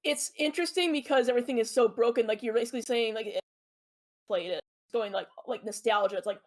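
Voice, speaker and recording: Co-host, woman, slightly high voice, chatty explainer, lots of ums. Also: quick pace. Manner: explains at length with many ums and uhs. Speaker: podcast co-host. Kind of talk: casual chat about a video game.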